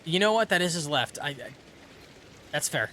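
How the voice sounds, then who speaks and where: Chatty streamer man, lively voice. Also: fairly high pitch, moderate pace, slight background noise. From United States. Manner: chatty, talks to chat, reads game dialogue aloud. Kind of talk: casual gameplay commentary. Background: game music.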